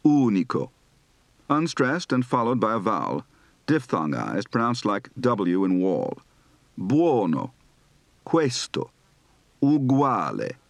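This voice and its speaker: A man acting as an accent coach, reading pronunciation drills slowly and deliberately. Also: medium pitch, vocal fry, dry recording. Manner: slow, deliberate enunciation of drills. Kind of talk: dialect instruction recording.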